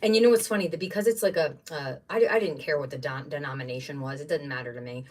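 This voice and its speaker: A middle-aged woman hosting a craft livestream, chatting in a rambling, excitable way while she unpacks supplies at home. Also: low-pitched, fast talker, recorded from a distance. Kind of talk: casual chat while unboxing craft supplies.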